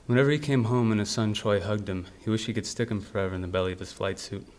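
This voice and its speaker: A man from the United States reading his own literary fiction aloud in a steady, measured way. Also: on the low side. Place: university library event.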